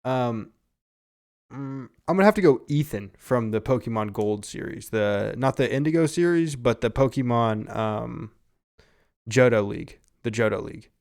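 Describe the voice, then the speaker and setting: A man's voice: mid-range voice, moderate pace, vocal fry. Young man, podcast co-host, casual chat, swearing, laughing. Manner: swearing, laughing, animated retelling.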